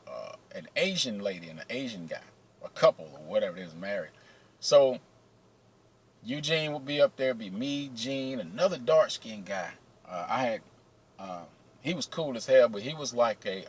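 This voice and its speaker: A man casually telling profane, animated stories about his days working security, acting out what people said. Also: mid-range voice, poor audio. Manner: profane, animated, acts out quotes. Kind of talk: casual storytelling.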